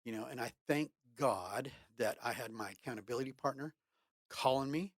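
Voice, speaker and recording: A man's voice: mid-range voice, normal speed, no room sound, clean studio sound. A man co-hosting a casual conversation, talking earnestly and with the repetitive, preacherly phrasing of a man of faith. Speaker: podcast co-host.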